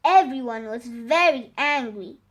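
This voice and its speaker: A woman reading a fable aloud for children in a slow, expressive, sing-song way. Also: on the high side. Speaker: storyteller.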